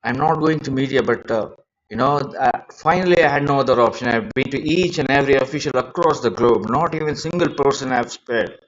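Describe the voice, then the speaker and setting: A man on a rambling live stream, distressed and close to tears, talking in halting bursts that repeat words as he pleads about his grievances. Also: mid-range voice, slight background noise. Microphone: phone mic. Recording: lo-fi phone screen recording.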